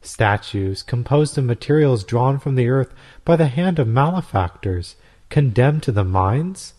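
Guy reading as a calm young woman saint, firm, argues point by point, slow and mellow. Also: medium pitch. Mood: firm conviction. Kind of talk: storybook reading.

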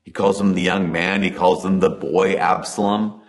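A man giving a conversational sermon, talking earnestly and dropping to soft emphasis on key points. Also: sits low, level tone, moderate pace. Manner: earnest, builds intensity then drops to soft emphasis. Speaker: preacher.

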